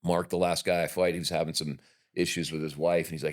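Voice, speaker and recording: Deep-voiced middle-aged man telling stories. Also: little pitch movement, fast. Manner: profane, rambling anecdotes with restarts. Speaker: podcast guest. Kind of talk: casual interview storytelling.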